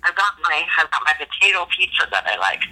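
A woman's voice: low voice, very animated, quick pace, pushed and bright. A woman chatting casually on the phone, chewing food as she talks and laughing often. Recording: tinny phone line.

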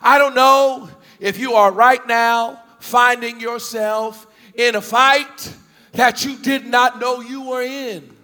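This Northeastern US preacher speaks slowly in a very high, tense voice, giving an animated storytelling sermon with repeated questions and sudden shouts. Thousands fill the large church hall, and the recording carries a long reverberant echo.

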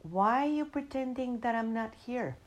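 A woman voicing a gentle, commanding mother spirit who speaks softly and reassuringly, at times close to a whisper. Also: a little high, lively intonation, moderate pace, pitched above the performer's own voice, natural voice, poor audio. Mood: tender. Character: gentle divine mother spirit, female, commanding yet tender.

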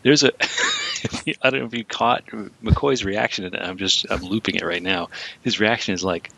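A man's voice: fairly low pitch, wildly swooping pitch, normal speed, vocal fry, bright, forceful tone, slightly rough. A man co-hosting a podcast, chatting casually about a film and often laughing while acting out lines. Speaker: podcast co-host.

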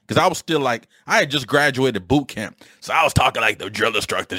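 A man in his forties or fifties from Detroit, telling a casual story on his own podcast with an animated, streetwise delivery and mild swearing. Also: mid-range voice, fairly quick, few pauses, no echo, studio quality. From Detroit, USA. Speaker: podcast host.

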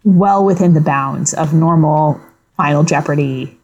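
Podcast co-host, woman, careful, measured recap voice. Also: low voice, darkish tone, husky, muffled recording. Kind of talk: casual podcast chat, reading quiz clues aloud.

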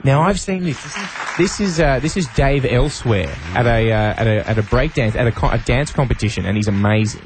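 Upbeat male co-host, lively high-ish voice, noise behind. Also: brisk, crowd noise. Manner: upbeat, enthusiastic, laughs easily. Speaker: radio co-host taking calls. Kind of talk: casual radio banter.

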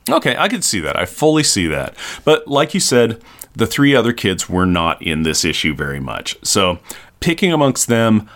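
Lowish male podcaster, lively swings in pitch, rambling casual chat. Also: normal speed. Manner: rambling, animated, many fillers. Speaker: podcast co-host. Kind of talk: casual chat reviewing a comic.

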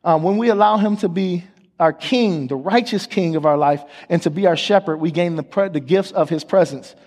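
A man's voice: high-pitched, normal speed, a little mellow. A male pastor preaching a sermon in a church, calling on the congregation to repeat after him and joking with them between points. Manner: call-and-response preaching, asks the congregation questions. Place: church sanctuary. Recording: long hall reverb from the sanctuary.

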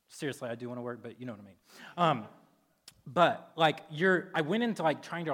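Male pastor, 30s, slightly high voice, conversational preaching style, animated storyteller. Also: brisk. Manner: chatty, filler-heavy, jumps loud and high in animated retellings. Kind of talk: casual sermon.

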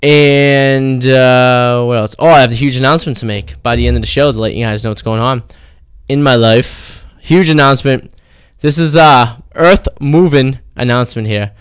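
A man's voice: medium pitch, normal speed, clear, resonant tone, no room sound. A young man hosting a college radio show from a campus studio, joking and rambling between clips. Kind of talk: casual radio chat. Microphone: studio mic.

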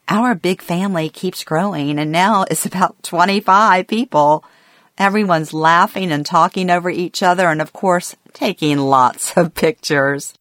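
A middle-aged woman reading a personal memoir aloud, quiet, reflective and somber. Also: sits low, no echo, clean studio sound. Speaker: memoir narrator.

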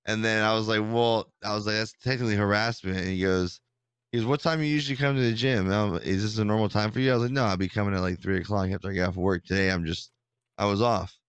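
A man telling a story in casual chat, rambling and animated, with many restarts. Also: fairly low pitch, fast, smooth, dry recording. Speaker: podcast co-host telling a story.

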